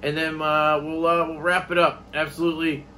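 Guy rambling in a laid-back vlog, kinda high bright voice, swears a bit. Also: little pitch movement, brisk, a little hiss or hum. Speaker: knife collecting vlogger. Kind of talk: casual chat.

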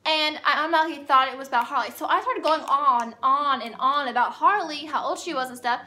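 A woman's voice: high-pitched, brisk, bright, forceful tone. A woman telling a storytime vlog in a chatty, rambling way. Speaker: vlogger.

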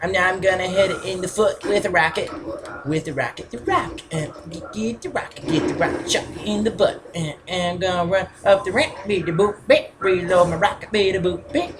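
A woman's voice: lowish voice, brisk, noisy background. A woman giving goofy, giggly, rambling commentary as she plays a console game at home. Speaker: gamer. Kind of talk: casual gameplay commentary.

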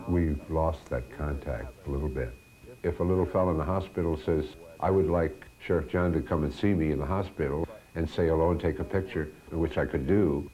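Very deep-voiced older man reminiscing. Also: warm tone. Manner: unhurried storytelling with hesitations. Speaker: former children's TV host, interviewed. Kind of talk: reminiscing interview.

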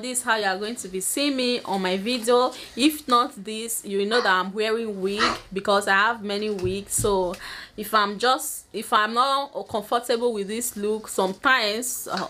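Young woman, Nigerian English accent, casual vlog chat, giggly, medium pitch, faint background noise. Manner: giggly, chatty, laughs often. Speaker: vlogger.

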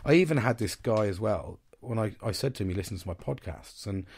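A man's voice: fairly low pitch, expressive, brisk, a little mellow, husky. A man hosting a podcast, telling a long casual story with fillers, restarts and swearing. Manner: rambling, chatty, swears freely, many fillers and restarts. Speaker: podcast host.

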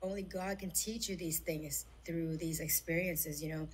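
A woman's voice: low-pitched, fairly even intonation, normal speed, few pauses, a little hiss or hum, rough recording. A woman giving an earnest, rambling faith testimony in a video clip. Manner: earnest, rambling, with many fillers. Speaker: religious testimony speaker.

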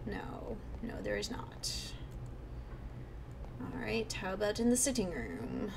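A woman's voice: mid-range voice, sing-song, slow pace, gravelly, noisy background. A young woman giving casual gameplay commentary, chatty and often talking under her breath. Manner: chatty, reacts aloud, often hushed. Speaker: let's play host.

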